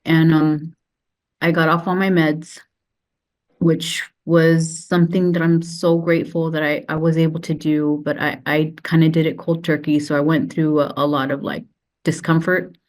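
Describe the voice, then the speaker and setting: A woman telling her own story as a podcast guest, halting and tearful, often restarting her sentences. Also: deep voice, level tone, a little mellow. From United States. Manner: halting, with many restarts and fillers. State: tearful, close to crying. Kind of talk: emotional personal testimony.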